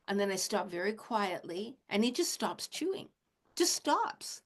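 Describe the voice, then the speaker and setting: Gentle lady in her late 60s chatting through a lesson, laughs a lot as she talks. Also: mid-range voice, sing-song, normal speed. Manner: gentle, chuckles often while talking. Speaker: shamanic teacher and animal communicator. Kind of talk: casual spoken teaching.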